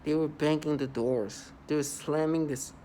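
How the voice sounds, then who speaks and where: A man's voice: a little high, fairly even intonation, normal speed, dark tone, slight background noise. Scornful man ranting at viewers. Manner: rambling, scornful, repeats himself; breaks into mocking laughs. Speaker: vlogger. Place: New York City.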